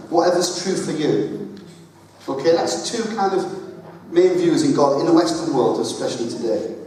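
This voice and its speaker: A man's voice: fairly high pitch, darkish tone, a little hiss or hum. A man preaching a chatty, emphatic sermon full of jokes, in a large church hall. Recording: echoey hall, voice from far off.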